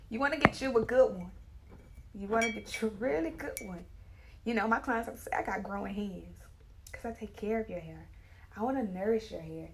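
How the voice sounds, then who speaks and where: A woman's voice: mid-range voice, background noise. A woman hairstylist, talking in a chatty, emphatic casual monologue. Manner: chatty, animated, emphatic, with dialect grammar. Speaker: hairstylist and salon owner.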